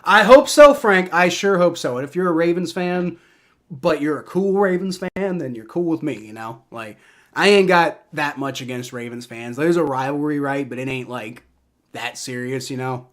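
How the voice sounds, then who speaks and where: A man's voice: a little high, moderate pace. A young man streaming live football reactions and play-by-play, heated and profane, ranting with many restarts.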